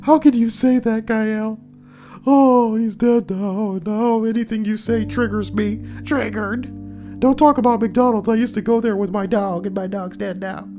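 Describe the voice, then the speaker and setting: A man doing a shrill whiny offended guy. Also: steady tone, a little slow, warm tone, soft background music. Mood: mocking whine. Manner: shrill mocking whine. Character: whiny easily offended man, high-pitched mocking.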